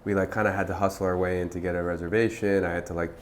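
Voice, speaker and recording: A man in his thirties, a restaurant founder, telling stories in a relaxed, chatty way full of fillers. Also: sits low, racing, slight background noise. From United States. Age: 30s. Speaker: restaurant founder, podcast guest. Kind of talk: casual conversational storytelling.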